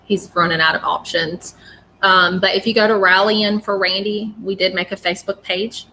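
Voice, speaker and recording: A woman's voice: medium pitch, fairly even intonation, normal speed, pushed and bright, slight background noise. A woman talking casually and emotionally on a live stream, apologetic and rambling as a psychic reader.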